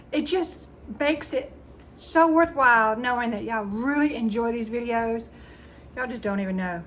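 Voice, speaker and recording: A woman's voice: a little high, normal speed, a bit bright, slight background noise. A woman with a Southern US accent hosting a cooking channel, talking casually and emotionally to her viewers. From Southern United States. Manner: chatty and emotional, says y'all a lot. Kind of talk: casual chat to camera.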